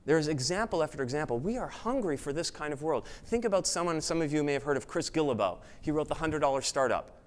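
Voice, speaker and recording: A man's voice: a little high, fast talker. Earnest man giving a keynote. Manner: earnest, emphatic, acts out excited voices. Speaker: conference speaker. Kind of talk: motivational keynote talk. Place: conference room with an audience.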